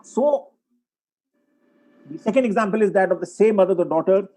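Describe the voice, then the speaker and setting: Guy teaching a webinar, higher-pitched voice, clears his throat a lot, goes through cases step by step. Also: fast, warm tone, poor audio. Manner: explains with case examples, frequent throat clearing. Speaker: psychiatrist lecturing. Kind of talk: webinar lecture. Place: online webinar.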